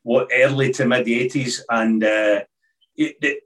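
Relaxed Scottish man, a bit off-mic. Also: medium pitch, unhurried, distant mic. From Scotland. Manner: hesitant, many restarts, relaxed storytelling. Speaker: guest, former snooker player. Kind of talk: casual interview chat.

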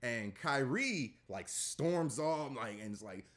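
A man's voice: medium pitch, lively intonation, slow pace, fairly bright tone. A man hosting a casual sports podcast, rambling with fillers and swearing freely.

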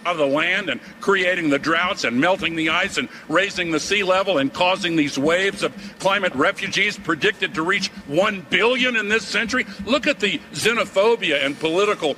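A man delivers a heated, urgent speech from a forum stage. His voice runs high and bright with a sharp edge, over a faint room ambience. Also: normal speed, few pauses. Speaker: forum speaker. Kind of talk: impassioned public speech.

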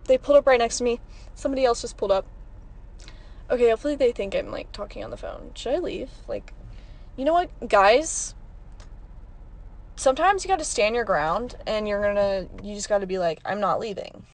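A woman's voice: on the high side, lively intonation, fairly quick, long pauses, a little mellow, slight background noise. Chatty young woman podcasting from a car. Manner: rambling, chatty, laughing often. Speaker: podcast host. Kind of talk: casual chat. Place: parked car.

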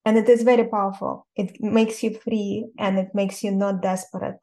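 A woman with a Russian accent, an interviewer and coach, speaking in a calm, measured and thoughtful way. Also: mid-range voice. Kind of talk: interview conversation.

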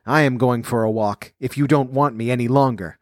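A man voicing a frightful one-eyed giantess in a storybook reading, loud and commanding. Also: medium pitch, a little fast, dry recording, clean studio sound, lightly acted.

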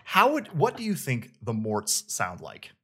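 A man's voice: medium pitch, huge pitch swings, measured pace, fairly bright tone, slightly rough. A man hosting a casual chat, rambling enthusiastically about a video game. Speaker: host, game reviewer.

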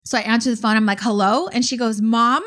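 A woman's voice: fairly high pitch, rapid-fire. A woman in her forties telling a story in casual chat, acting out what people said. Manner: animated storyteller, acts out quotes.

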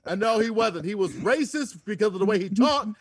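A man co-hosting a podcast, chatting casually with lively mock outrage and jokes. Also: high voice, brisk, husky, dry recording, clean studio sound. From United States. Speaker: podcast co-host. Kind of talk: casual joking chat.

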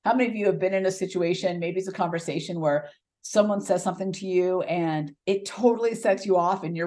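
A woman's voice: lowish voice, dark tone. A woman hosting a podcast, giving a motivational talk in a conversational storytelling way with asides. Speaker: podcast host.

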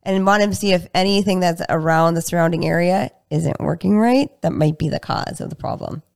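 A woman with a low, gravelly voice talks through her approach in a relaxed interview. She explains at length and slips into animated acted-out dialogue with patients. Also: brisk. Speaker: guest practitioner. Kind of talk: casual interview chat.

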